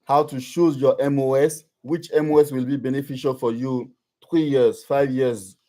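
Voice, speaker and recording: French-accented man, mellow voice. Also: mid-range voice, fairly even intonation. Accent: French-accented English. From Benin. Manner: halting, many restarts and fillers. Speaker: livestream host. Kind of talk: live Q&A advice stream. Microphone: livestream webcam.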